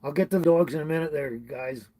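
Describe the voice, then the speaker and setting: Talking fast in a mellow voice on the high side, with no room sound, a livestream host from British Columbia, Canada chats casually from home. He reads viewer comments, greets people by name, laughs often and gets tongue-tied on names.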